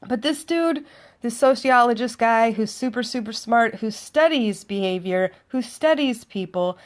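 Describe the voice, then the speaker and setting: Woman, fairly high voice, chatty, sardonic, storytelling vlog. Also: expressive, a little slow. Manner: chatty, sardonic, acts out dialogue. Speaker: vlogger. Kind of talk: casual storytelling monologue.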